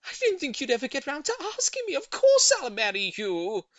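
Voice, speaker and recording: A man reading a storybook aloud, voicing an overjoyed elderly woman neighbour with high, gushing exclamations. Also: wildly swooping pitch, a little fast, fairly bright tone, no room sound, heavily acted. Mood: delighted.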